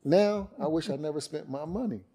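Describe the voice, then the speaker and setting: Mellow-voiced man talking business. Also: fairly high pitch, brisk, slightly rough. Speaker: embroidery business owner, podcast guest. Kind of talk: casual podcast conversation.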